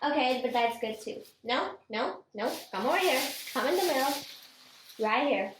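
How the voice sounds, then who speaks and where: A woman's voice: high-pitched, animated, normal speed, echoey room, slight background noise, low-quality recording. A young woman filming her pet parrot at home, coaxing and cooing at it in a giggly baby-talk voice. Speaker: parrot owner and vlogger. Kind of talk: casual vlog talking to a pet.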